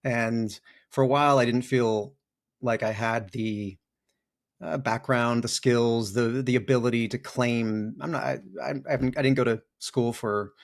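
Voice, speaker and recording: A man's voice: medium pitch, measured pace. A middle-aged man with a mid-range voice talks as a podcast guest, thoughtful and open. He tells his stories with energy and slips into playful voices when quoting people. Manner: animated storytelling with playful acted-out quotes. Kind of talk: reflective interview talk.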